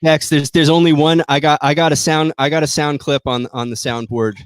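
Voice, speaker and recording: A man's voice: on the high side, a little fast, smooth, dry recording. A man co-hosting a casual chat, telling sardonic jokes and stories with quoted asides. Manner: sardonic, joking, animated storytelling. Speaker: co-host.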